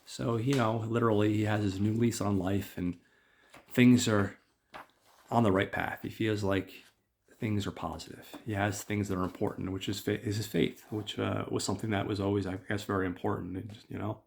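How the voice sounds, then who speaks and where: A man's voice: on the low side, fairly even intonation, normal speed, gravelly, a little hiss or hum. A man hosting a podcast, casually retelling and reading aloud from a graphic novel in a loose, filler-heavy way. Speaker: podcast host. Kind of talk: casual recap and read-aloud. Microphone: camera on tripod.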